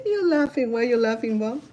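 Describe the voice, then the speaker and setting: A woman chatting casually while cooking at a home grill outdoors, telling stories in an animated way with many fillers. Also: on the high side, muffled recording. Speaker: cooking vlogger.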